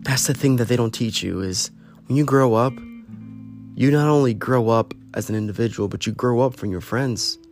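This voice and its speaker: An earnest man talks straight to the camera in a rambling, heartfelt monologue. His voice sits at an ordinary middle pitch and he pleads gently. Faint guitar music plays behind him. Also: moderate pace.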